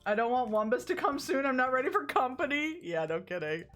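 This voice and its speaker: A woman's voice: high voice, expressive, a little fast, fairly bright tone, soft background music. A woman streaming herself playing a game, chatting casually, joking with chat and reading on-screen text aloud.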